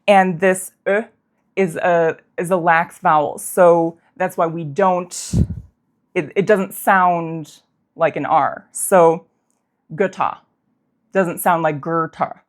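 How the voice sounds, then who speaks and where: Woman, pronunciation teacher; slow, deliberate delivery, models each sound. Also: lowish voice, steady tone. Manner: slow, careful demonstration of vowel sounds. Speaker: language teacher. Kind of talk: pronunciation lesson.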